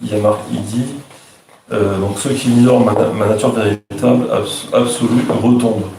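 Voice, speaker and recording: A man with a French accent, a participant in a class, asking a question hesitantly with many pauses. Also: on the low side, little pitch movement, darkish tone, slight background noise. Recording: echoey room, distant mic.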